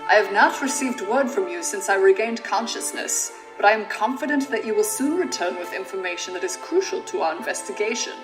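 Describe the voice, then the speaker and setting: A woman's voice: medium pitch, animated, close to an everyday voice, poor audio. A woman voicing a dying male doctor who reads his farewell letter formally, in a loose put-on German-tinged accent. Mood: grave. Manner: formal, measured letter reading. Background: game music.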